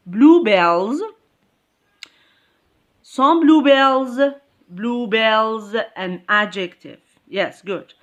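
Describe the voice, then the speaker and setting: A woman teaching an English grammar lesson, explaining slowly and repeating key points with emphasis. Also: medium pitch, a bit bright. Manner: slow, repetitive, emphatic explaining.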